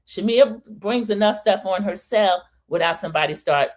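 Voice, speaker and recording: Woman, middle-aged, live-stream recap host, casual chat, talks to viewers, mid pitch. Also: moderate pace, darkish tone. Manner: chatty, talks straight to viewers and thanks them by name.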